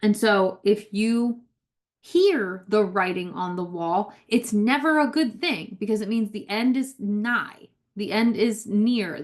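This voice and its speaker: A woman leading a Bible study, explaining scripture in a relaxed, conversational way and slowing down to read verses aloud with emphasis. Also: medium pitch. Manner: conversational, keeps asking "right?", reads scripture aloud slowly with emphasis. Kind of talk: casual Bible study teaching.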